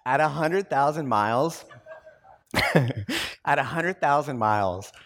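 Animated conversational male pastor. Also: fairly high pitch, slow. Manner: conversational and animated, many fillers. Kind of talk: sermon.

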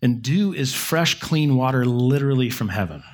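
A man's voice: medium pitch, lively intonation. Man preaching a storytelling sermon. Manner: conversational, with self-corrections and dramatic pauses.

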